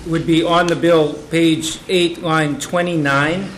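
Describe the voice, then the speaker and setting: A man reading an oral amendment aloud to a committee, slowly and deliberately. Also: on the high side, steady tone, a bit bright, a little hiss or hum, poor audio. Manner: deliberate, reads text slowly. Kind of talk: formal committee testimony. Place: legislative hearing room.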